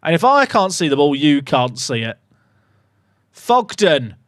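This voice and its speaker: A young man streaming a football management game, commentating casually with sarcastic, excitable swings. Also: on the high side, measured pace, no echo, studio quality. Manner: animated, sarcastic, swings between excitement and mock despair. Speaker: gaming streamer.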